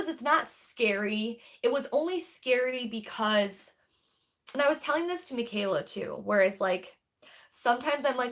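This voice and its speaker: Woman, livestream host, casual chat, rambling, candid, swears freely, mid-pitched voice. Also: lively intonation, moderate pace, fairly bright tone. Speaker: tarot reader and livestream host.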